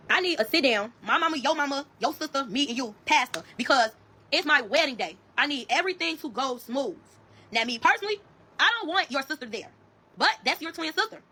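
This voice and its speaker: High-pitched woman ranting fast on a phone live, cussing, talking straight to y'all. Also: sharp tone. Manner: profane, emphatic, keeps addressing viewers as y'all. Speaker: bride telling her wedding story. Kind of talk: storytelling on a livestream. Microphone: phone camera on a livestream.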